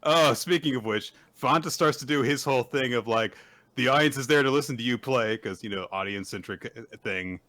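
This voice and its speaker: A man's voice: medium pitch, a little fast, bright, forceful tone, dry recording. A man co-hosting a casual manga recap, retelling scenes and slipping into silly character voices between laughs. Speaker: podcast co-host recapping manga. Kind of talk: casual chat, acting out scenes.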